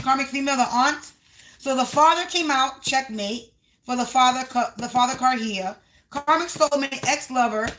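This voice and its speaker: A tarot card reader hosts a livestream reading, addressing viewers as "the collective" and repeating half-rhyming phrases. Her voice sits high and sounds a bit bright.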